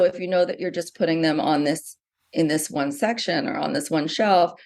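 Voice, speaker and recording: A middle-aged woman, a novelist being interviewed, talking animatedly with many fillers and restarts. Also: sits low. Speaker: novelist guest. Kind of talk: conversational interview.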